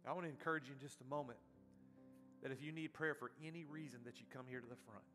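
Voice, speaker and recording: Impassioned preacher in a reverberant church. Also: male voice, mid-range voice, fairly even intonation, fast talker. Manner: impassioned preaching, surging loud then dropping soft. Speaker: pastor. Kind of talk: sermon. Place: church sanctuary. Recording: reverberant church hall with soft guitar.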